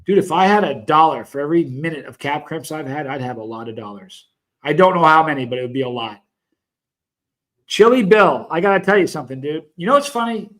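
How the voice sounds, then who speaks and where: A man's voice: a little high, expressive, fairly quick, fairly bright tone. A middle-aged man hosting a hot sauce live stream, chatting casually with viewers and telling long, rambling stories full of asides. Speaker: hot sauce show host.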